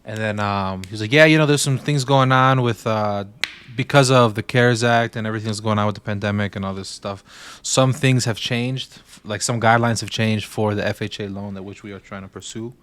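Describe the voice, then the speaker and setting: A man co-hosting a podcast in relaxed, joking chat, saying "bro" a lot. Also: fairly low pitch, fairly quick, clear, resonant tone. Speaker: podcast co-host. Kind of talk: casual chat.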